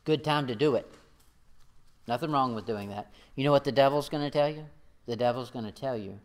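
A man preaching a sermon in a folksy, conversational way. His voice sits at an ordinary middle pitch as he reads scripture aloud and chuckles at his own asides. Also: moderate pace. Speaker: pastor.

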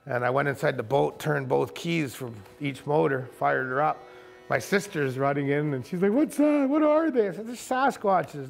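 A man's voice: a little high, gravelly. A man, a camp owner, vividly recounting an encounter outdoors and acting out the voices in his story. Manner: vivid storyteller who acts out quoted speech. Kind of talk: animated storytelling interview. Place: outdoors in a forested coastal camp.

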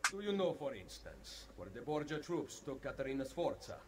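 An actor playing Ezio, a shrewd male assassin, speaking in a measured, wry way. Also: medium pitch, very animated, very noisy, close to an everyday voice. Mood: probing. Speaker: game character.

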